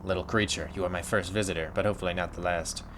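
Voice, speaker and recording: A man voicing a giant mechanical being in a dark void, speaking slowly, low and condescending in a text-adventure game. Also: steady tone, noisy background, lightly acted. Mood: cold.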